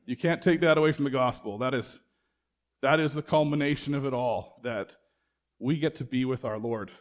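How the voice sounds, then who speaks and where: A male pastor delivers a conversational sermon in a mid-range voice at normal speed. He poses rhetorical questions to the congregation and acts out snippets of dialogue.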